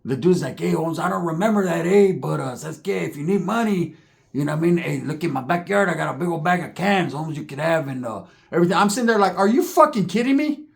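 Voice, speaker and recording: A man's voice: fairly high pitch, fast, creaky. A man telling a comedic story in slangy street talk, acting out the people in it. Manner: slangy, animated, acts out other characters' voices.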